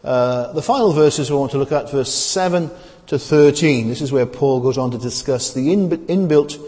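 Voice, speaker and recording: A man preaching a sermon in a conversational way, pausing often with fillers and restarts. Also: medium pitch, warm tone. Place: church. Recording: long reverb of a church hall.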